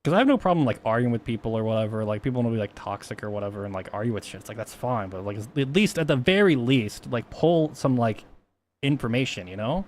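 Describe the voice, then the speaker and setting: A man's voice: medium pitch, expressive, fast talker. A man talking casually on a stream, rambling with many restarts and plenty of swearing.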